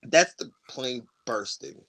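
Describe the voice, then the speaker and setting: A man co-hosting a casual podcast, telling a story with a lively voice that rises and falls widely. He acts out the people in his story and laughs often. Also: medium pitch, slow. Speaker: podcast co-host.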